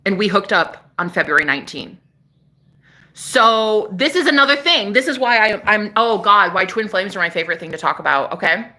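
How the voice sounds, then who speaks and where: A woman telling a story casually on a vlog, excitable and profane, talking outdoors on a porch. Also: mid-range voice, normal speed. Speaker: spiritual vlogger.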